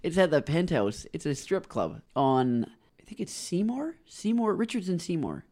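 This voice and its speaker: A man's voice: a little high, sing-song, normal speed, a little mellow. A young man from British Columbia, a comedian guest, chatting easily and agreeably and laughing often. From British Columbia, Canada. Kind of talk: casual chat.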